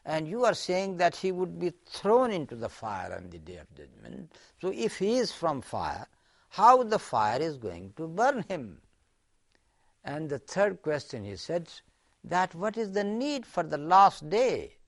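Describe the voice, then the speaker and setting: A man's voice: on the high side, wildly swooping pitch, measured pace, gravelly, a bit bright. A man giving an Islamic lecture in an earnest, explaining way, telling a story with hesitant fillers and restarts.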